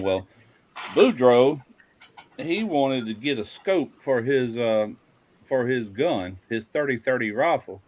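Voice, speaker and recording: A man's voice: darkish tone, slight background noise. A man casually telling folksy jokes, lifting his voice for the characters. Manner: tells folksy Cajun jokes, doing character voices higher. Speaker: joke teller.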